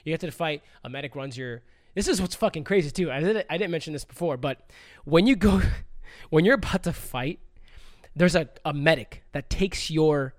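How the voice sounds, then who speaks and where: A man on a casual podcast, swearing freely and telling stories with lively acted-out quotes. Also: on the high side, moderate pace, dry recording, clean studio sound. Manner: profane, animated storytelling with acted quotes. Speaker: podcast guest.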